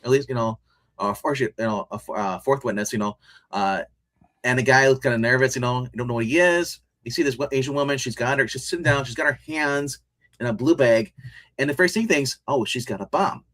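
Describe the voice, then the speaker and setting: Man, casual review chat, rambling, animated, many restarts. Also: medium pitch, brisk. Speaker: podcast co-host reviewing a TV show.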